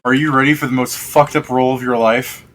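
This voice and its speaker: A man's voice: mid-range voice, steady tone, brisk, a bit bright. A man running a tabletop game as game master, rambling casually, laughing and swearing often.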